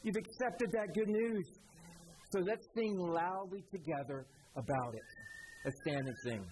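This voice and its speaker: A man's voice: high-pitched, a little slow, background noise. A man giving a children's sermon, interactive, asking the kids questions and leading them through hand motions. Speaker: children's pastor.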